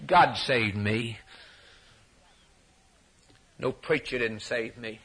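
Preaching a little slowly with frequent pauses, a man speaks with a breathy edge and a rhythmic cadence. He rises to high, shouted peaks, then returns to quiet asides.

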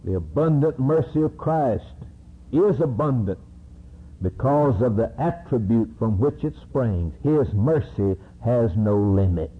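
A man preaching a sermon slowly and emphatically, climbing to high, ringing peaks. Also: animated, slightly rough. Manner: slow, emphatic preaching that rises to high-pitched climaxes. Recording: narrow, phone-like recording.

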